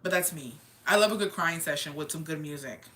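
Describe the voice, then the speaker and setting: Candid young woman chatting, bright and forceful. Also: sits low, brisk. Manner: candid, swears freely, drops Spanish phrases; emphatic, repeats phrases. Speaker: livestream host. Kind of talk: casual chat answering viewer comments.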